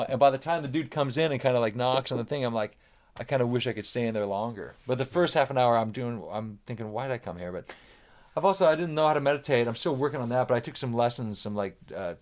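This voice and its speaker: A middle-aged man talks fast in a mid-range voice as a guest on a podcast. In casual chat he rambles, curses freely, and tells stories at his own expense.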